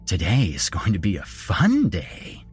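A man's voice: low voice, huge pitch swings, measured pace, faint music behind, exaggerated voice. A man voicing a cheerful, creepy grown man who swings from jolly chatter to a hissing whisper. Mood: gleeful. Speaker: storyteller. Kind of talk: horror story narration.

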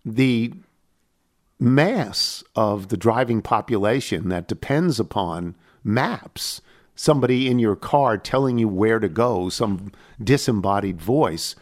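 A man's voice: lowish voice, slow. An older man hosting a podcast, chatting casually and acting out the people in his stories. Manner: animated, acts out voices in anecdotes. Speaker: podcast host. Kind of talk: casual chat, storytelling.

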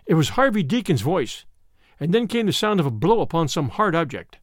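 A man narrating a classic ghost story in a vivid, expressive storytelling manner. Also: on the high side, a little fast, no echo, studio quality. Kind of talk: dramatic audiobook narration.

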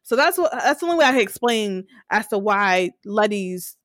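A young woman co-hosting a casual recap podcast, retelling scenes with lively acted-out quotes. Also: mid-range voice, moderate pace. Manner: animated retelling, acting out characters' lines. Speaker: podcast co-host.

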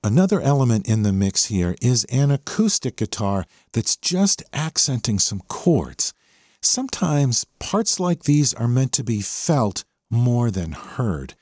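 An enthusiastic man talks through a rock track like a teacher, his voice swinging up and down as he points out each guitar part. The song plays clearly underneath him the whole time, and his voice sits at an ordinary middle pitch. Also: sing-song, unhurried, darkish tone, dry recording, clean studio sound. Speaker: host breaking down a rock song. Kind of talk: explanatory music commentary. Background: the song playing underneath.

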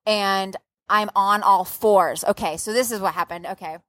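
A young adult woman telling her birth story in a casual, lively way, acting out what she said back then. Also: medium pitch, normal speed, dry recording, studio quality. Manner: lively storyteller who acts out her own past outbursts.

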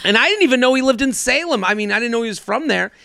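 A man co-hosting a casual podcast chat, talking in a halting way with many restarts and fillers. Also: very high-pitched, lively intonation, vocal fry, bright, forceful tone, no echo, studio quality. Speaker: podcast co-host.

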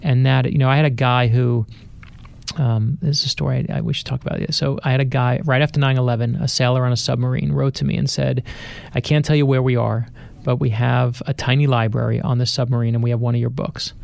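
A man's voice: mid-range voice, flat delivery, brisk, vocal fry, darkish tone, no room sound. A middle-aged man, an author, telling personal anecdotes in a radio studio interview, acting out the voices he quotes. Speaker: best-selling author, interview guest. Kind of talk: animated storytelling.

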